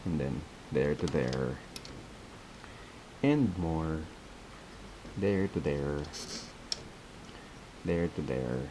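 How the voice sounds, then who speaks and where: A man's voice: very deep voice, animated, drawn-out words, pauses often, noisy background. A man hosting a casual step-by-step craft tutorial, chatty and laughing often as he repeats his instructions.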